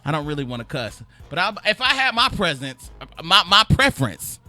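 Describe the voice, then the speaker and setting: A man's voice: fairly high pitch, sing-song, a little fast, few pauses, bright, forceful tone. A man hosting a talk show, ranting in a fired-up, repetitive way with an Atlanta accent. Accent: Southern US, Atlanta. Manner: fired-up, repeats phrases, drawls and curses when frustrated. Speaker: podcast host. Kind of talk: heated casual chat.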